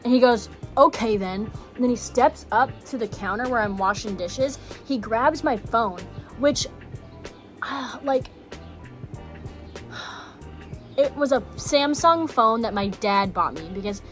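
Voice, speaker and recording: A woman's voice: on the high side, takes it slowly, pauses often, a bit bright, soft background music. A young woman from Texas telling a personal story in a casual vlog, blunt and swearing, full of "like" fillers. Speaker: vlogger.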